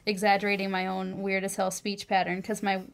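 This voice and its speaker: A woman with a mixed Wisconsin and Southern accent hosting a casual radio talk show, chatty and quick to laugh. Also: mid-range voice, monotone. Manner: chatty, laughs often, filler-heavy.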